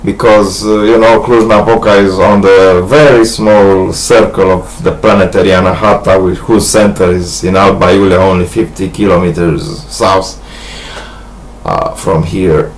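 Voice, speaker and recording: Halting, grandiose man. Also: low-pitched, steady tone, rough recording. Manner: hesitant, halting, many restarts and fillers; grandiose, earnest monologue. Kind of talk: rambling personal video message.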